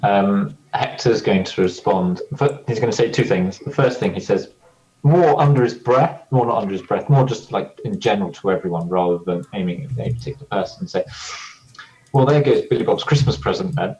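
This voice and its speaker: Low-voiced male player on dull audio. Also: brisk, darkish tone. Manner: casual, thinking aloud with fillers. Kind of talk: tabletop role-play.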